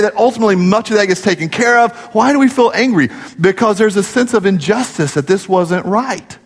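A man preaching a sermon, telling stories animatedly and dropping low for serious points. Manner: animated storytelling, rising to emphatic peaks and dropping low for gravity. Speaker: pastor. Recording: long hall reverb.

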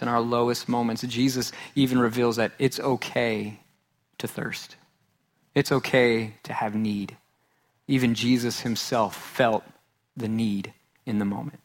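A man in his thirties preaching a sermon in an earnest way, repeating phrases for emphasis. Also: mid-range voice. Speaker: pastor.

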